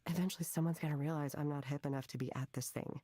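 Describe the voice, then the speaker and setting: An anxious young creator. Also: female voice, low voice, fairly even intonation, fast talker, dark tone, husky, no echo. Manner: nervous, self-deprecating, hesitant. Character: anxious young woman creator, self-doubting. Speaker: game character. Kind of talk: video game voice acting.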